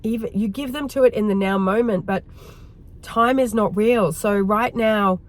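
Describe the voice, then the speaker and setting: A woman hosting her own video and leading a heartfelt guided reflection, rambling gently and filling her talk with "like". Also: medium pitch, normal speed. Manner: rambling, heartfelt, full of "like" fillers. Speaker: wellness host.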